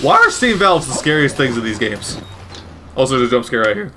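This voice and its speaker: A man's voice: mid-range voice, very animated, brisk, background noise. A man giving casual, rambling gameplay commentary with wry asides and frequent self-corrections. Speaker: gaming commentator.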